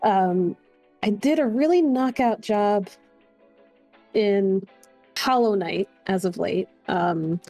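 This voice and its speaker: A woman's voice: mid-range voice, slow pace, pauses often, dark tone, soft background music. A woman guest on a podcast, chatting casually and laughing often as she tells a story, with many fillers. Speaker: guest streamer and artist.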